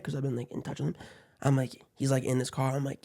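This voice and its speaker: A man's voice: medium pitch, fairly even intonation, a little fast, vocal fry, long pauses, a little mellow. A man in his twenties, a podcast guest, rambling through a story and quoting everyone with "I'm like". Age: 20s. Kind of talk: casual podcast chat.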